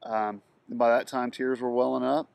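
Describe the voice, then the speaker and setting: A middle-aged man talking through a personal story in a halting monologue, with many ums and restarts. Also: mid-range voice, creaky, no echo. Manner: halting, with frequent ums and restarts, flat delivery. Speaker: video blogger telling a personal story.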